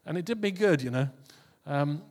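A man's voice: on the high side, lively intonation, moderate pace, a little mellow. A man giving an informal sermon to a congregation, talking in a conversational way that repeats and restarts phrases. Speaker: preacher. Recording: long hall reverb.

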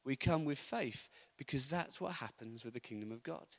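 A man preaching, telling stories in a lively, anecdotal way and chuckling often. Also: mid-range voice, moderate pace. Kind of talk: storytelling sermon.

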